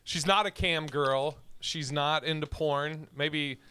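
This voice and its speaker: A man's voice: on the high side, fairly even intonation, slow, sharp tone, smooth, dry recording. A man co-hosting a podcast, chatting casually, swearing freely and acting out little scenes with laughs. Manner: swearing, laughing, acts out voices in anecdotes. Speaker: podcast co-host. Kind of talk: casual chat.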